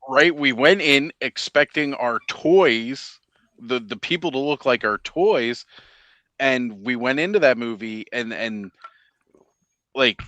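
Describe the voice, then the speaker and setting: A man's voice: mid-range voice, animated, slow pace, sharp tone, dry recording. A man co-hosting a podcast, chatting casually and eagerly with many fillers. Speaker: podcast co-host. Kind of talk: casual chat.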